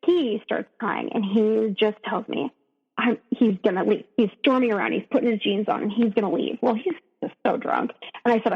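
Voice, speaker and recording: A woman guest on a podcast recounting a painful personal story, rushing through it emotionally with frequent restarts. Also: a little high, gravelly, husky. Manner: emotional, rushed retelling with restarts. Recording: lo-fi audio with long reverb.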